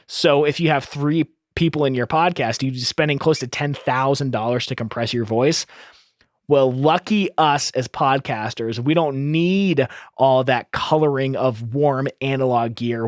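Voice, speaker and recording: A medium-pitched male host leads a screen-recorded audio tutorial, breaking things down step by step with upbeat teaching energy. He's recorded on a close studio mic, free of echo.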